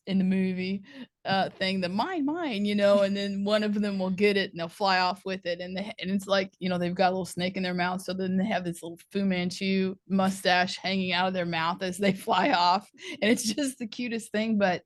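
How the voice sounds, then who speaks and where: A woman hosting a podcast, chatty and animated, laughing often as she talks. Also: on the low side, no echo, studio quality. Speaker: podcast host. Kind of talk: podcast interview.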